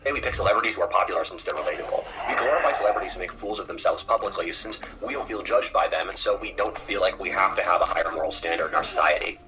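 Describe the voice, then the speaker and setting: A man narrating a video essay in an earnest, lecturing tone. His voice is very low and rushes along at great speed. Clear noise sits under the clip. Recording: noisy clip played from a video.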